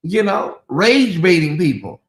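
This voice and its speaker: A man's voice: sits high, big pitch swings, unhurried. A man with a Southern US accent hosting a casual livestream, talking straight to his viewers and reading out and answering their chat. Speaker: livestream host.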